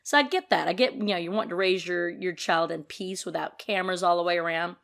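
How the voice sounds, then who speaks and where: A woman's voice: lowish voice, fairly quick, vocal fry, a bit bright. A woman hosting a podcast, giving chatty, wry commentary with sarcastic asides. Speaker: podcast host. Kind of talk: casual news commentary.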